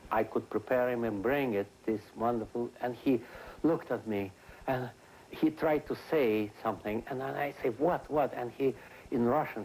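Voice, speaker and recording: A man's voice: lowish voice, a little mellow, low-quality recording. A man tells a personal story in an interview. He rambles and stops often with fillers and restarts. A faint noise sits behind him. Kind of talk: interview anecdote.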